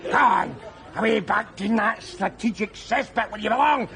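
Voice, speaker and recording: An actor playing a loudmouthed, boozy middle-aged Scotsman with a Scottish accent, ranting and mocking in a belligerent sitcom scene. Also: sits high, moderate pace, gravelly. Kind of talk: sitcom acting. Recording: outdoor crowd and noise.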